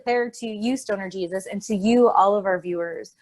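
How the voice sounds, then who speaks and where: A woman's voice: medium pitch, normal speed, hardly any pauses. Chatty rambling woman co-host. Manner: chatty, rambling, laughs often. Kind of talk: casual podcast chat.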